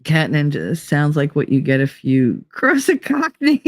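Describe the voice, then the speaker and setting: Stream host, lively swinging pitch, dry close sound, sarcastic chat. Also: a little slow, dry recording. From United Kingdom. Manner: animated, chatty, sarcastic asides. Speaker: livestream podcast host. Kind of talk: casual chat reading live comments.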